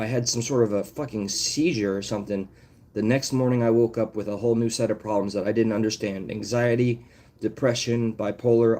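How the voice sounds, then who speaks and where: A man's voice: mid-range voice, dark tone. A man ranting on a live stream, swearing often and calling out viewers by name. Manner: profane, confrontational, calls out viewers by name. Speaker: livestreamer.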